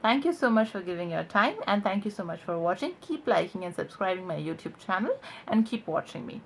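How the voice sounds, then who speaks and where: A woman's voice: medium pitch, expressive, brisk, creaky, a little hiss or hum. A woman teaching pronunciation, formal and earnest, with repeated phrases and frequent restarts. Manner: formal, earnest, addresses viewers as ladies and gentlemen. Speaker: English accent tutor. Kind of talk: spoken lesson to camera.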